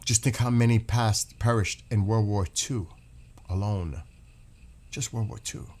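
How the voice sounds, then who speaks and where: Earnest rambling man with a low voice. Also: unhurried, a little mellow. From United States. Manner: earnest, rambling, repeats words. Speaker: live stream host. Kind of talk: casual live chat with viewers.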